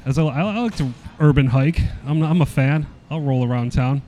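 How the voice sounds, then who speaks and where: A man's voice: medium pitch, moderate pace, dark tone. A man co-hosting a casual podcast, trading laid-back jokes and banter. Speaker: podcast co-host. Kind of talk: casual chat.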